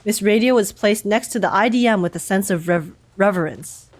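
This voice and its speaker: A woman's voice: mid-range voice, normal speed. A woman streamer reacting to a story game, gushing, giggling, and reading the story aloud.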